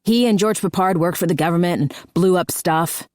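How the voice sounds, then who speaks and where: A woman's voice: fairly low pitch, normal speed, a little mellow, natural voice. A woman voicing a male hockey player who needles his teammates with mocking trash talk, in an audiobook. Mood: teasing.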